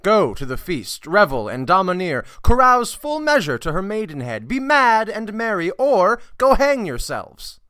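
A man reading verse aloud as a bold, swaggering young male suitor, loud and emphatic. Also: sits high, wildly swooping pitch, a little slow, few pauses, dry recording, clean studio sound, pitched above the performer's own voice, heavily acted. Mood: commanding.

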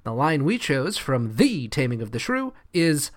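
A man co-hosting a podcast, leading a segment in a relaxed, conversational way. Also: mid-range voice, measured pace, few pauses. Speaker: podcast co-host. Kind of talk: casual chat.

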